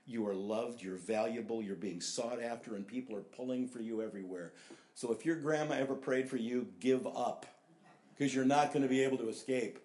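An older American man preaching a sermon with emphasis, repeating key phrases and swinging between loud and hushed delivery. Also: medium pitch, a little fast. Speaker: pastor. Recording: echoey room.

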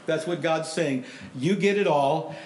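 A male pastor preaching a sermon, animated storytelling that swings between loud and hushed. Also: on the high side, a little slow, roomy sound, slight background noise.

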